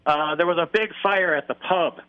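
A man's voice: a little high, moderate pace, smooth, muffled recording. A man from Michigan, a radio host and travel writer, chatting as an interview guest and retelling jokes with plenty of filler words. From Michigan, USA.

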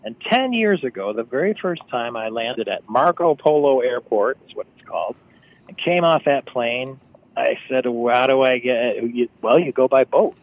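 A man's voice: medium pitch, expressive, normal speed, narrow, tinny audio. Man telling wry travel stories. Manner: storytelling, wry and chatty. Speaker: travel writer. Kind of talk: phone-in radio chat. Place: on location outdoors by phone.

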